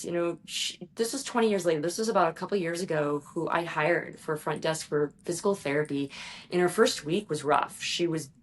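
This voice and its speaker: Earnest woman telling stories, low-pitched. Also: fairly quick. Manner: earnest, storytelling, addresses listeners as "you guys". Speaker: guest, executive performance strategist. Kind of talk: podcast interview talk.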